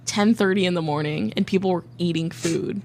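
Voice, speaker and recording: A woman's voice: fairly low pitch, fairly quick, a little hiss or hum. Giggly woman podcast host. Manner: giggly and excitable, laughs often. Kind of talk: casual podcast chat.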